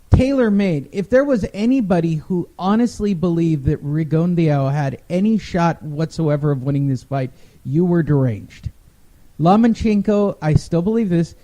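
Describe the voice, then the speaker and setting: A man's voice: a little high, a little slow, dark tone. A man co-hosting a casual sports talk show, recapping fights in a wry, rambling way. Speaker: podcast co-host.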